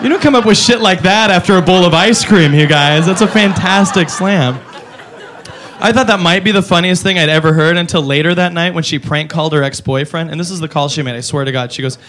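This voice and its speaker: A man doing a profane stand-up comedy routine on a club stage, exaggerated and animated, jumping into silly voices. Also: a little high, fairly quick. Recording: noisy live club recording.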